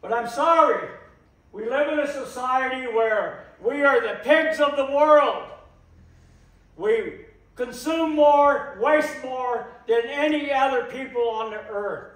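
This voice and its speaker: A man giving an impassioned public talk, slow and emphatic, repeating phrases for weight. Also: very high voice, a bit bright. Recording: echoey room, voice from a distance.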